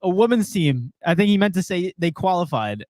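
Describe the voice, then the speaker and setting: A man's voice: high voice, sing-song, fairly quick, darkish tone. A young man co-hosting a casual sports podcast, laughing a lot and reading viewer comments aloud. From Portuguese family. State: frog in his throat. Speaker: podcast co-host.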